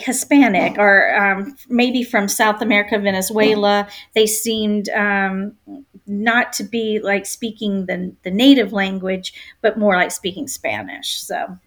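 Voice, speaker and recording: Woman travel agent guest: easygoing chatter, mid pitch, lots of ums while hunting for words. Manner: chatty, many filler ums, searching for words. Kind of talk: casual chat.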